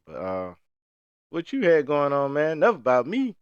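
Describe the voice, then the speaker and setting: A man's voice: on the high side, huge pitch swings, normal speed, smooth, no echo, dull audio. Laid-back man telling a story. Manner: loose storytelling in Southern slang. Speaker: podcast co-host. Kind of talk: casual podcast chat.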